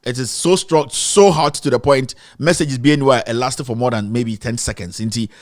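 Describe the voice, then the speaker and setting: A man's voice: medium pitch, moderate pace, no echo, studio quality. A Ghanaian man hosting an online live show, greeting viewers by name, then ranting animatedly in a mix of English and Twi. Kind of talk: casual live-stream commentary.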